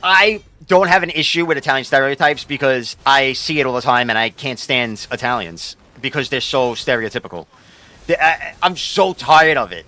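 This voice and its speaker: A man's voice: medium pitch, normal speed, sharp tone. A young man, a game streamer rambling casually and profanely while he answers his chat.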